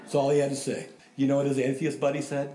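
A middle-aged man preaching a sermon in a lively, conversational way, voice rising for emphasis. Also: mid-range voice, fast talker. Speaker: pastor. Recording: roomy echo.

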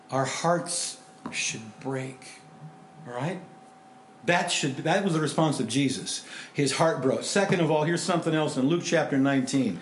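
A male pastor preaching a sermon with stories, animated, swinging between loud emphasis and hushed softness. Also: mid-range voice, unhurried, a little hiss or hum. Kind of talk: sermon with storytelling. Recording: echoey room with faint background ambience.

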